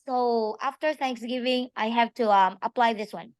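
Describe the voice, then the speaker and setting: A woman's voice: fairly high pitch, normal speed, no echo. A woman teacher, speaking hesitantly with many fillers on a video call. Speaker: teacher, meeting participant. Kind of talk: casual sharing on a video call.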